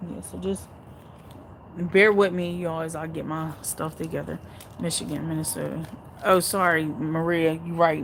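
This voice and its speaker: A woman's voice: deep voice, slight background noise, rough recording. A woman hosting a casual live stream, chatting bluntly and profanely with her viewers and laughing often. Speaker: livestream host reading viewer comments.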